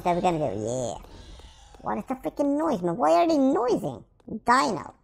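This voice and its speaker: A woman giving excitable let's-play commentary, playfully taunting the game characters as she plays. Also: medium pitch, normal speed, gravelly, faint music behind. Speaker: gameplay commentator.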